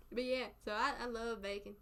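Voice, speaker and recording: A woman's voice: a little high, a bit bright. A young woman with a Southern US accent, chatting casually with her live stream chat, playful and often laughing.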